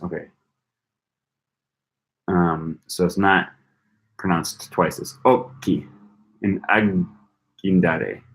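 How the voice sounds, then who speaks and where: Young man, very low voice; casual live-stream study talk, thinks aloud, repeats sounds. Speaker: language-learning streamer.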